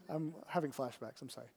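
A man telling a self-mocking story in a sermon, animated and quick to check in with his listeners. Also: mid-range voice, vocal fry, background noise. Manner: animated, self-mocking, keeps adding "right?". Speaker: pastor. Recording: reverberant hall.

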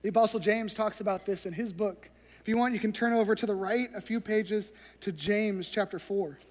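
Storytelling pastor, high voice, echoing hall. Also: male voice, fairly quick. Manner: storytelling, acts out scenes. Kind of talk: sermon. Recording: long hall reverb.

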